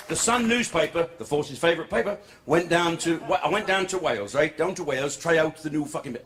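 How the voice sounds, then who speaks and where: A male comedian working through a crude, swearing stand-up set. His voice sits somewhat high for a man, and the room noise of a busy comedy club carries under every line. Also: fairly bright tone. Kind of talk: stand-up routine.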